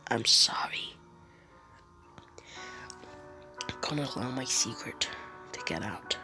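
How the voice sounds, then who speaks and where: A cold, brooding werewolf boy, voiced by a woman with a cold in a homemade fan story. He murmurs low and slow, often dropping to a whisper, with faint music underneath. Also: fairly even intonation, bright, forceful tone, heavily acted. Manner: murmured brooding inner monologue, half-whispered. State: congested from a cold.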